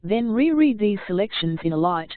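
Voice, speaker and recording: A woman narrating an audiobook on public speaking, reading in a measured, deliberate way. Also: mid-range voice, sing-song, no room sound. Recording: tinny phone-like dry sound.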